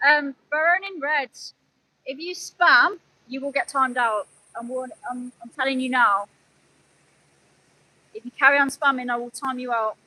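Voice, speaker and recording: A woman's voice: high-pitched, measured pace, bright, forceful tone, poor audio. A woman animal rights activist livestreaming outdoors, talking earnestly, pleading one moment and scolding her chat the next. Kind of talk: live stream commentary.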